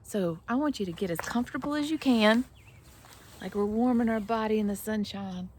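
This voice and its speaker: A woman's voice: mid-range voice, a little mellow, slight background noise. A woman teaching young children in a playful, encouraging way, leading counting games. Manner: playful and encouraging, slow and sing-song.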